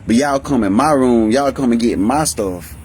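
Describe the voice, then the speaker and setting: A man's voice: moderate pace, darkish tone, slight background noise. A young man, telling his life story in a rambling, emotional way, often restarting his sentences. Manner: rambling, emotional, restarts often, voices family members in higher pitch. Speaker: vlogger. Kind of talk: candid personal storytelling.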